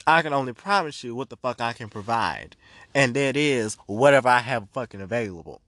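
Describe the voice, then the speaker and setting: Male podcast host, spiritual reader, blunt and profane rant, mid-pitched, dry close sound. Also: lively intonation, brisk, fairly bright tone, dry recording. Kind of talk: ranting podcast monologue.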